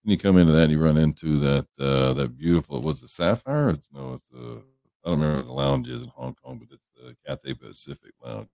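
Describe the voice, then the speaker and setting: Livestream host, male, very low gravelly voice, dark tone, rambling and joking with chat. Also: expressive, brisk, no room sound. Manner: rambling, joking, greets viewers by name. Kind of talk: casual chat with viewers. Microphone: headphones on a livestream setup.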